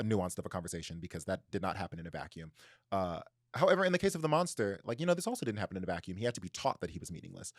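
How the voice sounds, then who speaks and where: Rapid, animated man retelling a story. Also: lowish voice, no echo, studio quality. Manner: animated storytelling, heavy filler "like". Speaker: podcast host. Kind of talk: casual book-discussion chat.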